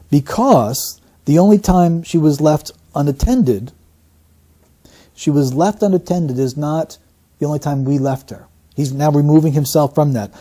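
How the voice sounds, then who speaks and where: A man working as a statement analyst, giving deliberate, teacherly commentary. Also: on the high side, dark tone. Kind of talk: explanatory commentary.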